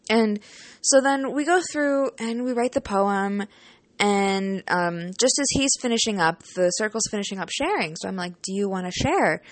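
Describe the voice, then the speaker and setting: Young woman, casual storytime vlog, chatty, emotional, full of filler words, swears casually, mid-pitched voice, dry close sound. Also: normal speed, no room sound. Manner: chatty and emotional, heavy on "like" and "you know". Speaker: student teaching partner.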